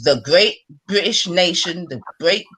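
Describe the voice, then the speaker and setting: A speaker arguing forcefully and impatiently in a heated online debate, talking over others. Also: mid-range voice, measured pace, husky. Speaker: debate participant.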